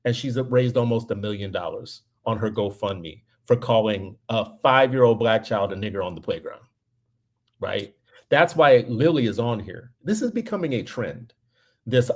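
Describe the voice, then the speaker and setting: A man's voice: mid-range voice, expressive, normal speed. A man co-hosting a podcast, telling a story in casual commentary and getting heated and emphatic as he goes. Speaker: podcast co-host.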